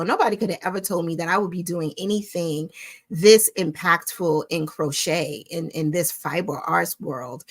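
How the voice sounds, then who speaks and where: A middle-aged woman hosting a weekly live stream, telling stories in a casual chat and talking straight to her viewers. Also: on the low side. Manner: animated storytelling, warm address to viewers ("y'all"). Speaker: host of a weekly crochet livestream.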